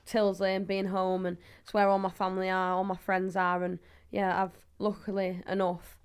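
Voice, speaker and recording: A woman's voice: mid-range voice, completely flat delivery, normal speed, clean tone. A woman in her twenties with a northern English accent, chatting casually as a footballer guest, laughing often. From England. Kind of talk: casual chat.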